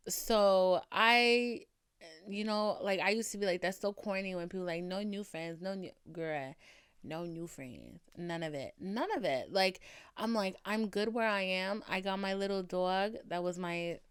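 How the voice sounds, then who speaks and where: A woman's voice: on the low side, clean tone, no echo, clean studio sound. A young woman from the Boston area with a slight Boston accent, talking candidly and rambling on her solo podcast, swearing freely. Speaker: podcast host. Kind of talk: casual solo podcast monologue.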